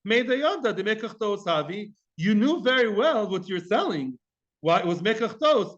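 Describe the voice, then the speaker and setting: Lively male Talmud teacher, high voice, acts out dialogue, dull lo-fi sound. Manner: animated, mixes Hebrew and Aramaic terms, acts out dialogue. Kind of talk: lively Talmud class lecture.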